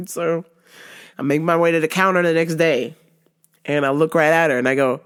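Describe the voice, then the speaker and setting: A woman's voice: low-pitched, steady tone, normal speed, long pauses, clear, resonant tone. A woman hosting her show, telling a comic story in casual chat, profane and laughing often. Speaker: show host.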